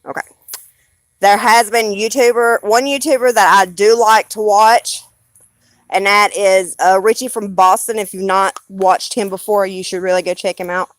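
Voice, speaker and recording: A woman's voice: mid-range voice, steady tone, moderate pace, no echo. Southern woman live-streamer, rambling and cussing, bone-dry close sound, mid-range voice. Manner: rambling and blunt, swears freely. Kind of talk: casual live-stream chat.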